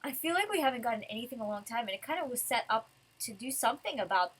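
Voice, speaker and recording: A woman's voice: on the high side, expressive, very fast, fairly bright tone, slightly rough, poor audio. A woman reviewing a manga chapter in a casual, rambling way, giggling and full of fillers.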